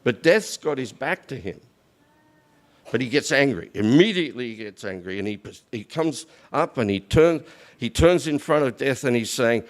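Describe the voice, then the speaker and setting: Man, middle-aged, storytelling sermon, conversational, repeated words, medium pitch. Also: animated, normal speed. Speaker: guest speaker at a temple.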